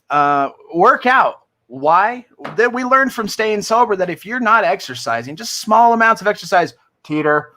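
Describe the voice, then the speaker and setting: Bright, earnest man hosting a recovery livestream. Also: sits high, expressive, moderate pace, hardly any pauses. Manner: enthusiastic, earnest, jokey. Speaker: livestream host of a recovery community. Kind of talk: casual livestream chat.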